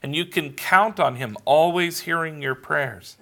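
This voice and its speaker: A male pastor delivers a sermon in an earnest, measured way, pausing to stress his points. He speaks slowly, with a bright, forceful edge to his voice. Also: fairly high pitch, vocal fry. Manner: earnest, measured preaching with emphatic pauses.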